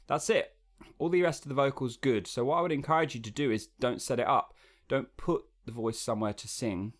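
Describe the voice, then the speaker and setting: A man giving a relaxed, conversational singing lesson, explaining as he goes with frequent fillers and restarts. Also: medium pitch, fairly quick. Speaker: singing coach.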